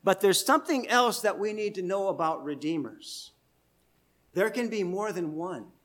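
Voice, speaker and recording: A man's voice: sits high, lively intonation, normal speed, a bit bright. A male pastor preaching an expository sermon, explaining step by step in a conversational way and putting questions to his listeners.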